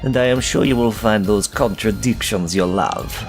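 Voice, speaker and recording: A man's voice: on the low side, normal speed, soft background music, close to an everyday voice. A man voicing a smug young male prosecutor with a put-on German accent, formal and teasing.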